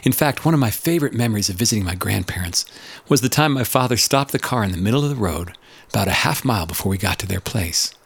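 Gravelly older male narrator, earnest reflective read, lowish voice. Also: expressive, fast talker. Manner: earnest, builds rhetorical lists.

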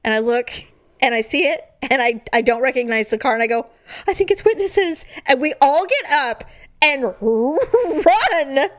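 A woman in casual chat, telling a funny story with lots of laughter and squealed, acted-out quotes. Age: adult. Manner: animated, laughing, acts out quotes in high squeals.

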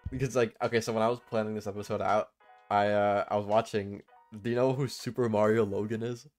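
A man's voice: on the low side, flat delivery, quick pace, a little mellow, faint music behind. A young man co-hosting a podcast, chatting casually in a rambling, profane way with lots of fillers. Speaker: podcast co-host. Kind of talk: casual chat.

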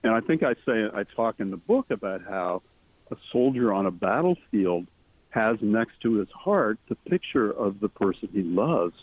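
A man, an author being interviewed, talking earnestly and enthusiastically, his pitch leaping up on the words he cares about. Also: sing-song, moderate pace. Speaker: author guest. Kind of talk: interview conversation. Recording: tinny phone line.

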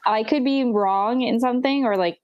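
A woman from Canada, a guest on a casual podcast, chatty and quick to laugh. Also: a little high, dry recording, dull audio. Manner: chatty, laughs often, apologetic.

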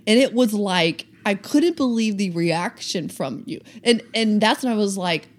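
A woman's voice: mid-range voice, lively intonation, measured pace. A woman co-hosting a podcast in casual chat. She sounds earnest and a little flustered, often restarting her sentences. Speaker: podcast co-host.

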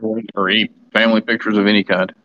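A man's voice: on the low side, little pitch movement, fast talker, no echo. Casual male player on dull audio. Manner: chatty, thinks aloud while describing actions. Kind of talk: casual tabletop role-play.

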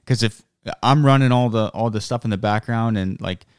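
A young man co-hosts a podcast in relaxed, rambling chat. His voice sits low and sounds smooth and clean. The recording is dry and close, with no room sound. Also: moderate pace, no echo. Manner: rambling, self-interrupting. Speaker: podcast co-host. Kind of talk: casual chat.

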